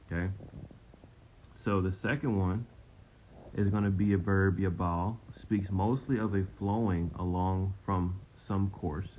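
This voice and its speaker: Casting note: man, low mellow voice, casual Bible study teacher, keeps checking in with listeners, dull lo-fi recording. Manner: conversational, frequent "okay?" check-ins, repeats himself. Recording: dull, slightly lo-fi sound with faint noise.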